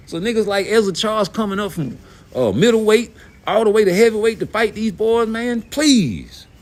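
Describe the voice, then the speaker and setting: A middle-aged man, hosting a blunt, profane, heated rant about boxing. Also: high voice. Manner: blunt, profane, animated, rhetorical questions. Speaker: boxing commentary host.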